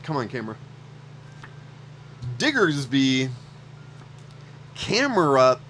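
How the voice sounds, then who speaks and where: Male streamer, 30s, relaxed unhurried delivery, chatty with fillers, low hum in the background. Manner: chatty, rambling with fillers, gets emotional then recovers. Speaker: card game streamer. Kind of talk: casual livestream chat while opening card packs.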